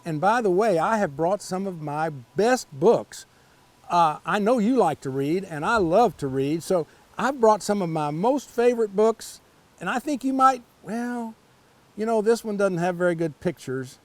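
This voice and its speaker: A man's voice: sits high, lively intonation, measured pace, a little mellow. An older man reading a picture book aloud to children at storytime, with folksy, chatty asides to the kids.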